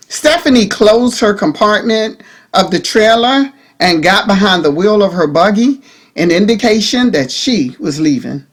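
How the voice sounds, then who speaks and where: A woman narrating an audiobook in a measured, expressive reading style. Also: medium pitch.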